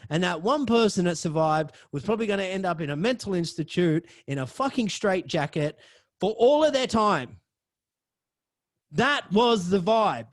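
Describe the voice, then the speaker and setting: Male host spinning a dramatic story with swearing, a higher voice that swings all over. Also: expressive, normal speed. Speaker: podcast host. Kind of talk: personal storytelling.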